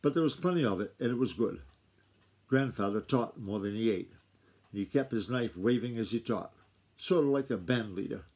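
Father reading aloud at home, steady narration, warm husky voice. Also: fairly low pitch. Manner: steady unhurried read-aloud. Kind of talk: reading a novel aloud to his child.

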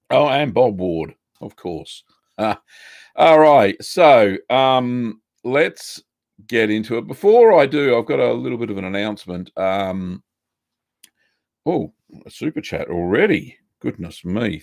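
Gravelly Australian man hosting a livestream. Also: fairly low pitch, no room sound, studio quality. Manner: chatty, many ums and uhs, greets viewers by name. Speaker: host of a live cheesemaking Q&A stream. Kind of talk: casual live-stream chat.

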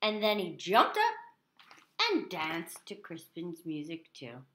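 A woman reading a children's picture book aloud in an animated, expressive way. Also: fairly low pitch, takes it slowly, slight background noise. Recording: echoey room.

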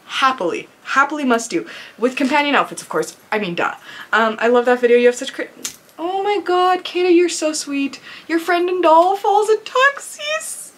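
High, lively gushing woman vlogger. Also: normal speed. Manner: gushing and effusive, full of "like" and "oh my gosh". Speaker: vlogger unboxing viewer mail. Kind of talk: casual chat.

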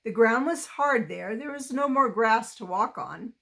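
A woman reading a children's novel aloud, taking her time with each line. Her voice sits fairly high and moves along at a slow, careful pace. She gives the story small expressive touches. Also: gravelly. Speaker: storybook reader.

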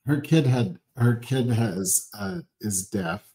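A man co-hosting a casual show, reading viewer comments aloud and joking in an animated way. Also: medium pitch, slow, rough recording. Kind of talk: casual chat.

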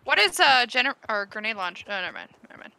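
A woman's voice: on the high side, very animated, fast talker, gravelly, bright, forceful tone, poor audio. A young woman playing a game with a partner, chatting casually in a playful, teasing way and giggling often. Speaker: gaming partner. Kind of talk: casual gameplay chat.

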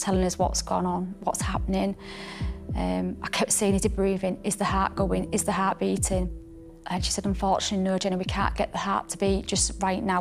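A young woman recounting a personal tragedy as a bereaved mother, in plain, steady storytelling full of quoted speech. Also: mid-range voice, creaky.

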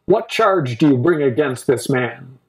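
A scripture reader voicing a stern Roman governor who questions a prisoner in measured, deliberate lines, during a church Passion reading. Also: medium pitch, expressive. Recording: roomy church from a distance.

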